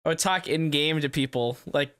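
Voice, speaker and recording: An easygoing young man chatting on a podcast, agreeable and quick to laugh. His voice sits a bit high for a man and sounds dry and close. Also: a bit bright, smooth, no room sound. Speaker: podcast co-host. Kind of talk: casual chat.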